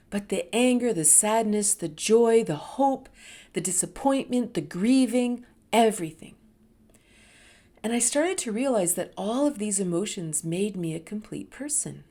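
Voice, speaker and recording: A woman in her fifties hosting a talk, telling her own story in a candid, expressive way that dips into soft murmurs and rises with emphasis. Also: medium pitch. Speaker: host sharing a personal story. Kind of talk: reflective personal storytelling.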